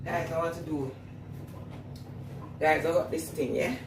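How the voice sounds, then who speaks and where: A woman's voice: sits low, steady tone, unhurried, distant mic, background noise. Chatty accented woman in an echoey room. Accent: non-standard English accent. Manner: chatty, laughs often, repeats herself to answer comments. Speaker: vlogger reading live chat. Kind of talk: casual chat with viewers. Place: indoors, washing her hair. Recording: echoey room with clear background ambience.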